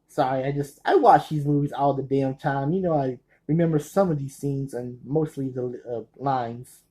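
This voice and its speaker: A man's voice: on the high side, fairly even intonation, normal speed, few pauses, dark tone, low-quality recording. A man talking through his movie collection in a casual, nervous way, rambling and often stopping to correct himself. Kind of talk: casual spoken review.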